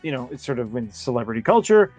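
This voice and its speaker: A man's voice: mid-range voice, very animated, fast, darkish tone, soft background music. A man co-hosting a film podcast in casual chat, thoughtful and agreeable as he builds his points. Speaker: podcast co-host.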